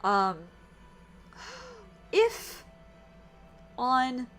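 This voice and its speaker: A woman with a rough, worn throat, chatting casually with her viewers while streaming a video game, rambling and swearing now and then. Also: sits high, big pitch swings, very slow, fairly bright tone, soft background music.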